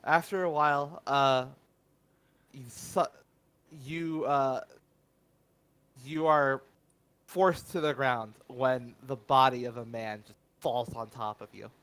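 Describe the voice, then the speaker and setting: A man narrating as game master of a tabletop role-playing game, often pausing with fillers as he describes scenes. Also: mid-range voice, fairly bright tone, clear, resonant tone. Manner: halting, filler-heavy narration.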